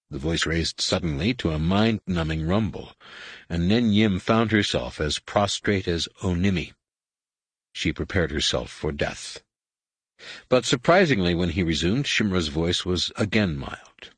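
A man narrating an audiobook in a measured, dramatic storytelling manner. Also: low voice, lively intonation, husky, no room sound. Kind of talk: scripted narration.

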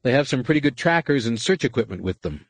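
A man voicing a nervous, talkative young male pilot held captive, speaking in an eager, hurried way. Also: mid-range voice, expressive, breathy edge, no room sound, pitched above the performer's own voice.

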